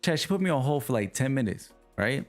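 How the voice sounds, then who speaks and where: Animated young man telling a story to his stream. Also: medium pitch, brisk, faint music behind. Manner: animated, exasperated retelling with voiced quotes. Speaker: livestream host. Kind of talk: casual storytelling to chat.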